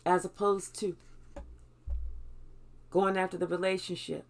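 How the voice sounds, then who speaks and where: A woman's voice: fairly low pitch, little pitch movement, measured pace. A woman giving a spiritual tarot reading in a blunt way, swearing freely. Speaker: tarot reader.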